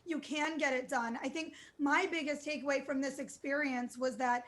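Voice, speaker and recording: High-voiced upbeat woman guest. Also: steady tone, normal speed, fairly bright tone. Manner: upbeat, fluent, frequent "you know" fillers. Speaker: guest, DJ and entrepreneur. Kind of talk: remote TV news interview.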